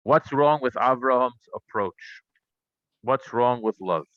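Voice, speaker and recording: A man's voice: mid-range voice, slow, dry recording, lo-fi sound. A man teaching a Torah class, telling stories and asking rhetorical questions. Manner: animated storytelling, asks rhetorical questions.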